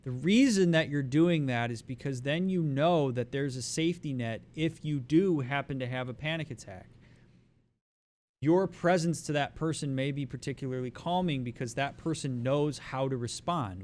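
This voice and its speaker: A man speaking as a therapist, giving a calm, explanatory lecture on a livestream. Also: mid-range voice, moderate pace. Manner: calm, explanatory, acts out soothing reassurance.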